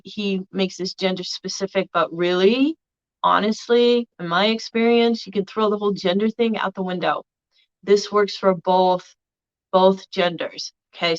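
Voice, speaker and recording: Woman teaching casually, mid-pitched, with halting restarts; muffled lo-fi recording. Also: clear, resonant tone. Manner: conversational, frequent fillers and restarts. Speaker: spiritual teacher.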